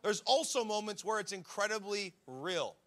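With a high-pitched voice at normal speed, a man in his thirties preaches a sermon. He tells stories with animation and acts out what the people in them say.

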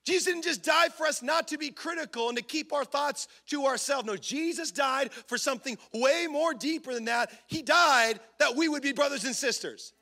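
A man preaching a sermon in a church, animated, acting out little scenes and shouting for emphasis. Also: very high voice, moderate pace, hardly any pauses. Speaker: pastor.

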